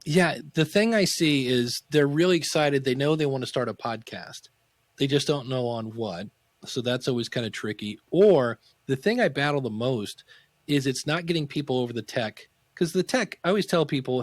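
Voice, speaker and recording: A man guesting on a podcast interview, coaching new podcasters through lively stories and acting out quoted dialogue. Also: medium pitch, a little fast, no room sound. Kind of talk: casual interview storytelling.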